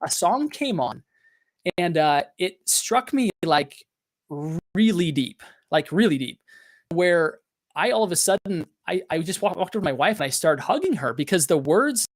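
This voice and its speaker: A middle-aged man hosting a business podcast, talking in an earnest, confessional way with many fillers and restarts. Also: a little high. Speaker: podcast host. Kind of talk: motivational business talk.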